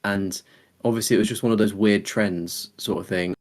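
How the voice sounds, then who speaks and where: A man's voice: on the low side, fairly even intonation, moderate pace. A young man, co-hosting a casual podcast in a rambling, chatty way. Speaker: podcast co-host.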